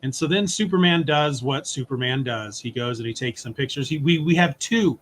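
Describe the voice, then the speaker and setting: Guy on a podcast recapping a comic, animated, jumps into little character voices. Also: mid-range voice, a little hiss or hum. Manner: animated retelling, voices characters in quick asides. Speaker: podcast co-host. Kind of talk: casual comic recap chat.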